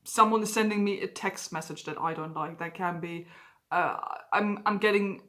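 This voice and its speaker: A woman's voice: on the low side, steady tone, moderate pace, sharp tone. Candid woman in a personal vlog. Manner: candid, emotionally open storytelling. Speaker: vlogger.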